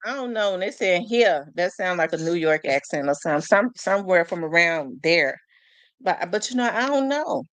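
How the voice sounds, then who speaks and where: A woman's voice: fairly low pitch, animated, moderate pace, dry recording. Chatty woman with a dry sound. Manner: chatty, asks herself questions aloud. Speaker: host. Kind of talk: casual live commentary.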